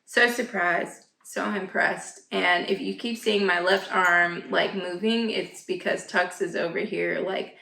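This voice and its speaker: A woman's voice: fairly low pitch, fairly even intonation, unhurried, vocal fry, few pauses, bright, forceful tone, echoey room, low-quality recording. A woman, chatting casually for her vlog, gushing and full of fillers and asides. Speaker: vlogger. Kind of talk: casual chat. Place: home, indoors.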